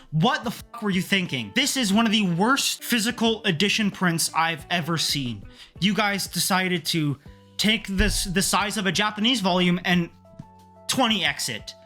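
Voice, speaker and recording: A man talking casually in a haul vlog, excitable and quick to get heated, swearing freely as he rants. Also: high-pitched, faint music behind. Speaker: manga collector vlogger.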